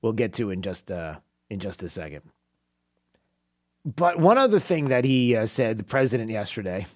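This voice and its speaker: Very animated and speaking at a moderate pace, this man with a lowish voice hosts a talk radio show. He offers mocking, sarcastic, opinionated commentary, laughing often and using lots of fillers and restarts.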